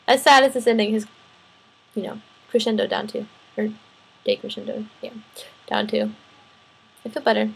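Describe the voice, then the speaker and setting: A young woman in her twenties, a student teacher, talking through her week in a rambling, animated vlog, sounding tired. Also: medium pitch, normal speed, creaky, long pauses, husky, rough recording. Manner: rambling, animated, restarts and laughs often. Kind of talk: casual personal vlog venting.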